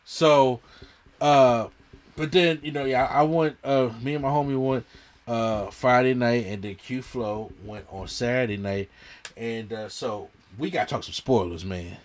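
A podcast host tells a slangy, emphatic story during casual movie chat, frequently repeating himself. He has a medium pitch and a measured pace.

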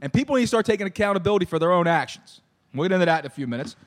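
Fast-talking man hosting a podcast. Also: sits high, expressive. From Philadelphia. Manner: rambling, repeats words, trails off with fillers. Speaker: podcast host. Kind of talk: casual sports chat. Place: bar.

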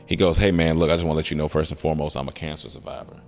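A man's voice: a bass voice, rapid-fire, soft background music. A man in casual conversation, telling a personal story and acting out the voices of the people in it. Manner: animated storyteller, acts out voices in quotes. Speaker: guest, comedian.

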